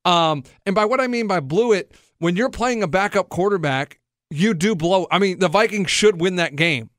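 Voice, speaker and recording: Sports radio host, man, high voice, blunt debater, dry studio sound. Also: moderate pace, fairly bright tone, no room sound. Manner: argumentative, blunt.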